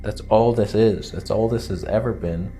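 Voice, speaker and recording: Male vlogger, casual and rambling, low-pitched, self-mocking humor. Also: moderate pace, gravelly, mellow, faint music behind. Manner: candid, joking, rambling. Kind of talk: casual vlog monologue.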